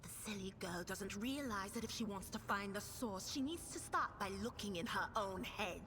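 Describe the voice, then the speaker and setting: A woman's voice: moderate pace, sharp tone, faint music behind, lightly acted. Aloof noble navigator, voiced by a woman. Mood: haughty. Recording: reverberant game audio with faint rumble.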